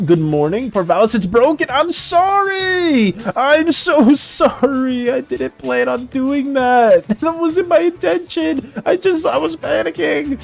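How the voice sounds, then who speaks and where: Streamer type, male, playfully dramatic, high voice, soft music underneath. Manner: dramatic, playful, laughs often. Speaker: art streamer. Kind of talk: casual live-stream chat.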